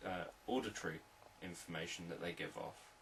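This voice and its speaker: Deep-voiced man teaching calmly. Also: a little fast, far from the mic, slight background noise, low-quality recording. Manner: calm, repetitive explanatory delivery. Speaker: hypnotherapist and sales trainer. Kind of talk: unscripted teaching talk.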